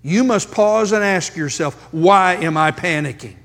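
A male pastor preaching a sermon, emphatic, with dramatic pauses and rhetorical questions, in a church sanctuary. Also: sits high, fairly bright tone. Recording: long hall reverb.

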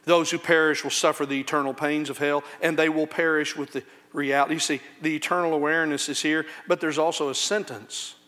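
A man preaching a sermon from a church pulpit, his voice bright and a touch high. He swings between loud, soaring outcries and low, hushed warnings. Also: fairly even intonation, a little fast, hardly any pauses. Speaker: pastor.

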